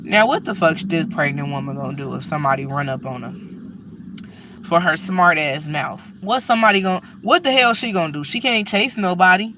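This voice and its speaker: A woman telling stories in a casual, profane, animated rant to her viewers. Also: on the low side, normal speed, background noise. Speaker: vlogger.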